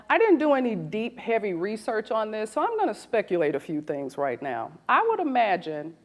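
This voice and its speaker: A woman in her forties, a recruiter, giving a lively talk to an audience and asking them questions. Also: medium pitch. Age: 40s. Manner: animated, asks the audience questions.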